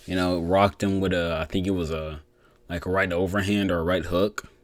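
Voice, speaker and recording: A man's voice: deep voice, steady tone, normal speed, no room sound. A young man giving a casual, rambling solo breakdown of fights, swearing freely and restarting his sentences often. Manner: rambling, profane, many fillers and restarts. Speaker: MMA commentator giving fight reactions.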